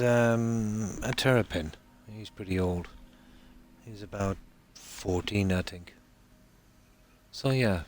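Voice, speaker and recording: Soft-spoken, slow, deep-voiced male streamer. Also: a little hiss or hum. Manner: soft-spoken, talks quietly so sleeping dogs stay asleep; relaxed and unhurried, with fillers. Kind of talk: casual gameplay commentary. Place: home room.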